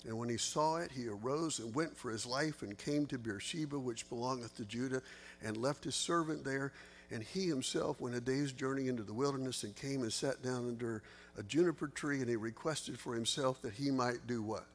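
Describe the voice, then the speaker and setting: A pastor talks through scripture with his church in a plain, mid-range voice. He is earnest and conversational, and his pitch leaps upward when he stresses a point. A faint hum sits underneath the recording. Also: moderate pace. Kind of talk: Bible study teaching.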